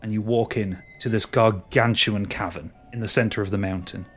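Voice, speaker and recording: This man runs a tabletop game, describing caves and light in a fairly low voice. He stumbles and restarts now and then, keeping the story rolling. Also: fairly even intonation, moderate pace, fairly bright tone, faint music behind. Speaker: game master.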